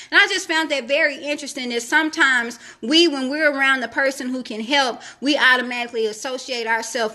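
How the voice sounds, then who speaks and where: A woman's voice: high voice, bright, forceful tone. A woman preaching a devotional, reading scripture and urging listeners to trust God, with repeated phrases for emphasis. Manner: reads scripture aloud, then comments on it. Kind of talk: sermon-style devotional teaching.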